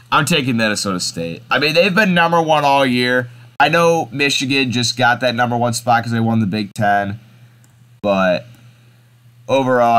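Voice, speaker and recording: A man's voice: fairly low pitch, gravelly, a bit bright. Casual young man mulling sports picks. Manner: casual, hesitant, thinks aloud with restarts and slang.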